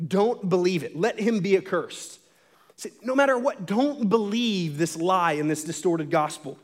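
A young man preaching a sermon in a lively, conversational way, with bursts of dramatic emphasis. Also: high voice, measured pace. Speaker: pastor.

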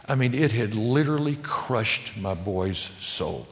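A middle-aged man preaching a sermon to men, telling family stories in a folksy, emotional way that swings between loud and hushed. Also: on the low side, lively intonation, a little slow. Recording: dull sound with long hall reverb.

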